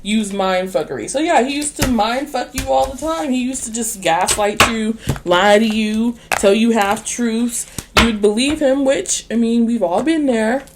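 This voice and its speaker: A woman's voice: on the high side, background noise. Sassy, profane woman tarot reader. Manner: blunt, sassy and slangy, swears freely; laughs often, drawn-out speech. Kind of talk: casual tarot reading.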